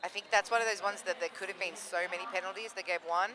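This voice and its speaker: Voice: medium pitch, steady tone, quick pace, background noise. A co-commentator with an Australian accent, playful and jokey, calling a roller derby game live. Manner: playful, jokey, laughs often.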